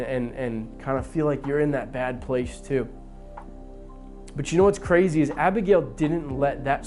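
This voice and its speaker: A man's voice: fairly high pitch, a little mellow. Casual young man giving a youth devotional. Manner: casual and conversational, with many fillers and retellings in everyday speech. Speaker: student ministry leader.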